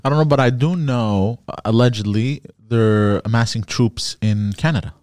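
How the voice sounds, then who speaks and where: A man's voice: mid-range voice, moderate pace, a little mellow, no echo. A man with an ordinary mid-range voice, talking in a hesitant way and hedging what he says. He is recorded close and dry in casual podcast talk. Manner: hesitant, hedging with "allegedly" and "apparently". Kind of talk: casual chat.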